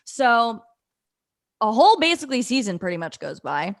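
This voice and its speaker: Young woman guest, animated storyteller who acts out the voices in her story, casual podcast chat. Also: on the high side, normal speed, vocal fry. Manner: animated, acts out quoted dialogue with fillers. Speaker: podcast guest, former in-game host.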